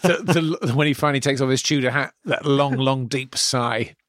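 A man co-hosting a comedy chat podcast, telling jokes in a dry, deadpan way. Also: medium pitch, moderate pace, no room sound. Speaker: podcast co-host.

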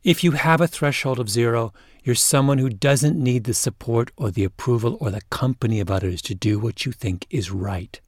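A male podcast host narrating a scripted story in a measured way, with interview clips in between. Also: medium pitch, a little mellow, dry recording, clean studio sound.

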